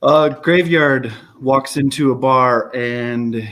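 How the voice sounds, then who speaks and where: A man improviser telling jokes in an unhurried, laid-back way over a video call. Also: mid-range voice, a bit bright, a little hiss or hum. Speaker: improv performer.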